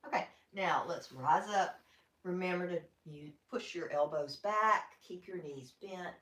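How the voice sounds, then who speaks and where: An older woman with a Southern US accent, leading a gentle yoga class in a folksy, chatty way with playful asides. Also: fairly low pitch, unhurried. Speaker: yoga instructor. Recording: roomy, from a distance off-mic.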